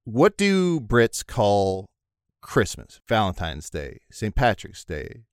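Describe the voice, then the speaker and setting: A man's voice: lowish voice, huge pitch swings, slow pace, clean tone, dry recording, studio quality. An American man in casual podcast chat, jokey and rambling, poking fun at himself. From United States. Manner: jokey, rambling, self-deprecating.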